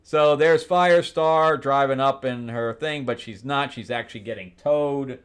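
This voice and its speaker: A man's voice: mid-range voice, unhurried, smooth. A man hosting a casual comic book recap, sarcastic and rambling, with many restarts.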